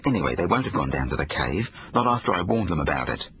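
A man voicing a calm, easygoing father who speaks slowly and soothingly. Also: rumbling low, lo-fi sound, noisy background, voice pushed down. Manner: slow, soothing, unhurried.

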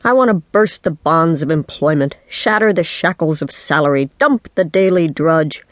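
A woman voicing an excitable, theatrical middle-aged dad who talks in a booming, smug way. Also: normal speed, no echo, close to an everyday voice. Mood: dramatic. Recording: dry studio audiobook.

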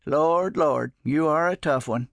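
A man's voice: on the high side, a little slow, gravelly, fairly bright tone, no room sound, studio quality. A man doing Jones, a folksy old drifter. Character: folksy old male drifter, gentle and teasing.

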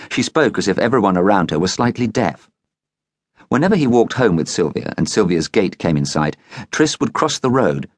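Male storybook narrator, low pitch, animated delivery, dry booth. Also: dry recording. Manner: calm storytelling, lively pitch. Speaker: audiobook narrator. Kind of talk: scripted narration.

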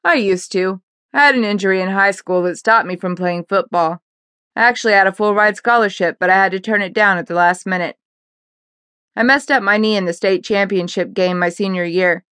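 A woman's voice: mid-range voice, brisk, a bit bright, clean tone, no echo, natural voice. A woman voicing a polite, respectful young man in college, in an audiobook.

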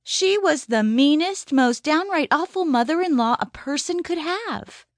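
A woman's voice: sits high, very animated, moderate pace, no echo, studio quality, voice pushed up. A woman voicing a blunt, bitter woman near sixty. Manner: blunt and resentful. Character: bitter, sharp-tongued woman of about sixty. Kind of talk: audiobook character reading.

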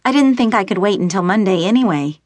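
A woman's voice: medium pitch, lively intonation, fast, no echo, studio quality. A woman narrating a first-person romance audiobook, lightly shifting her voice for characters. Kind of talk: scripted narration.

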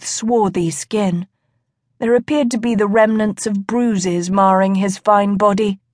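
A woman reading a romance novel aloud as an audiobook narrator, slow and measured. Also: medium pitch, darkish tone, dry recording, studio quality.

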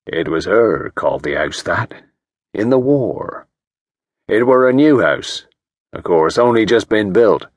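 Guy doing a nosy old west country ferryman, soft rural drawl, dry close sound. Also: lowish voice, expressive, unhurried, no echo. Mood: folksy. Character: old male ferryman, sly and curious.

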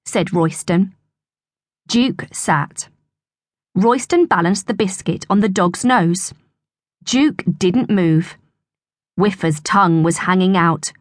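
A woman narrates a children's story in a slow, unhurried reading with a lively, swooping pitch. The delivery is expressive storytelling, recorded close and dry with no room sound. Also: no room sound. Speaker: audiobook narrator.

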